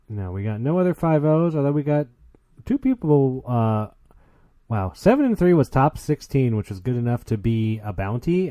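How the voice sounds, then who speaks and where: A man's voice: a little high, no room sound. A man hosting a podcast in a casual, rambling monologue. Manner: chatty, rambling, animated. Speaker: podcast host.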